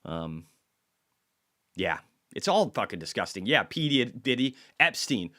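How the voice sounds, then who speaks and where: A man's voice: medium pitch, very animated, a little slow, sharp tone. A man hosts an informal video about stocks and the economy. He speaks bluntly and swears freely, sometimes stopping to apologize for drifting off topic. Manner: blunt and profane, apologizes for tangents. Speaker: market commentary host. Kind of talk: casual market commentary vlog.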